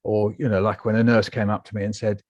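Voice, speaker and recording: A British man, a guest author, telling his story in a lively interview and acting out the voices he quotes. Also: fairly low pitch, quick pace, no echo, dull audio. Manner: animated, acts out quoted voices.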